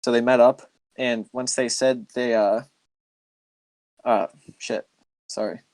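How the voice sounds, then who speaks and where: A man's voice: medium pitch, steady tone, slow pace, darkish tone, no echo. A man hosting a podcast, telling a story in a loose, rambling way with lots of filler words. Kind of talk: casual storytelling chat.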